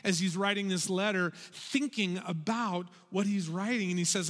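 A man with a high, bright voice leads a children's sermon, speaking slowly and drawing out his words. He keeps asking the kids to say phrases back to him. His voice rings with the long reverb of a large hall. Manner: animated, calls for audience repetition. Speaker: children's pastor.

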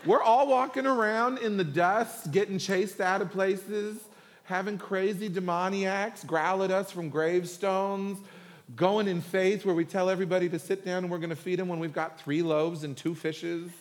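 A man's voice: high voice, steady tone, normal speed, voice pushed up, close to an everyday voice. A man voicing fed-up, indignant male disciples, exasperated and sarcastic.

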